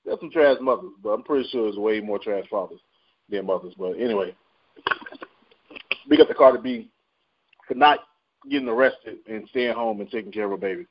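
A man's voice: lowish voice, a little fast, long pauses. A man hosting a casual radio-style chart rundown, joking and slangy with frequent laughs. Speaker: radio show host. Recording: dull lo-fi sound.

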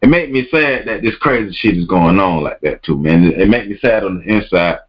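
A man's voice: on the low side, animated, brisk, slightly rough, lo-fi sound. A man hosting a podcast, ranting emphatically and repeating his words and phrases. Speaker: podcast host. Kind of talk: podcast rant.

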